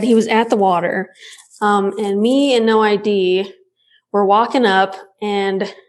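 A woman telling a story in a casual interview, laughing often and acting out her own shouting. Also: a little high. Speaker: guest.

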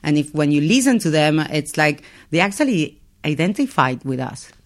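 A woman rabbi, a guest on the show, explaining her work in a measured way with pauses and restarts. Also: low voice, very animated. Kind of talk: explaining in a podcast interview.

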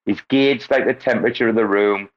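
A man's voice: lowish voice, brisk, lo-fi sound. A man hosting a casual online audio chat, boisterous, swearing and laughing a lot. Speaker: host. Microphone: online audio room.

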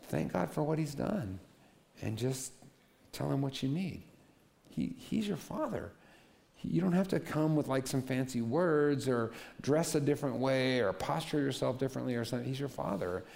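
Middle-aged male pastor, gravelly voice, chatty and lively from the pulpit. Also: medium pitch. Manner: conversational, animated preaching with playful asides. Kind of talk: sermon.

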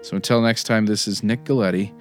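A man hosting a podcast, reading a steady, friendly outro. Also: on the low side, brisk. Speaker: podcast host. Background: guitar music.

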